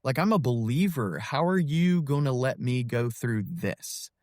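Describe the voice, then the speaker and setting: A man in his thirties telling his personal story as a podcast guest, earnest and halting, with many fillers and restarts. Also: medium pitch, expressive, a little mellow, no room sound, clean studio sound. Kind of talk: personal testimony in an interview.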